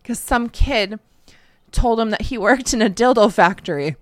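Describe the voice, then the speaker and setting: A woman's voice: fairly high pitch, normal speed, dry recording, clean studio sound. A woman co-hosting a podcast, chatting casually and laughing often as she rambles through stories. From Canada. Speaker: podcast co-host. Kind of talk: casual chat.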